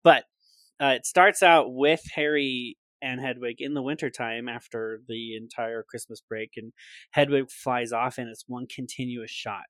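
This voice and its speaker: A man co-hosting a casual podcast chat, eagerly retelling a film scene and slipping into quick voices for the quotes. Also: mid-range voice, dry recording. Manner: animated storyteller, puts on quick voices for quotes. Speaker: podcast co-host.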